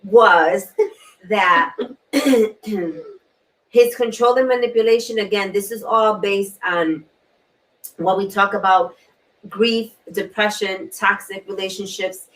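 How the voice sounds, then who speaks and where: A woman hosting a talk show, sharing a personal story in an earnest way, repeating key words and often clearing her throat. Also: medium pitch, fairly even intonation, slow, long pauses, fairly bright tone. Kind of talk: personal testimony in a panel talk. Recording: distant mic.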